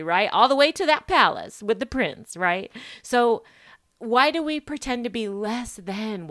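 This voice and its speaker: A woman's voice: mid-range voice, a bit bright, dry recording, clean studio sound. A woman hosting a solo podcast, talking emphatically and stacking rhetorical questions with frequent "right?" tags. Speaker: podcast host.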